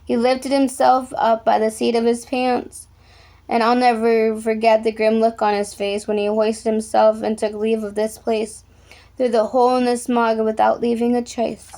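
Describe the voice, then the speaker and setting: A woman with a fairly high voice reads a rhyming children's book aloud. She keeps a steady, sing-song rhythm through the verses. Her delivery is plain and unhurried. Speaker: storyteller. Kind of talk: reading a picture book aloud.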